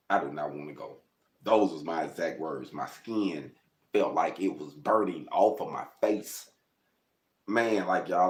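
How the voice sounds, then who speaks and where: A man's voice: lowish voice, echoey room. A man telling his own life story in a conversational, rambling way, often calling his listeners "y'all.". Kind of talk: personal storytelling monologue.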